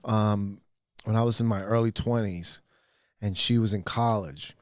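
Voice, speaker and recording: A man's voice: on the low side, steady tone, measured pace, no echo, studio quality. A man joking and trading crude stories as a guest on a casual podcast. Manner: butts in with jokes and laughs. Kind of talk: casual comedic banter.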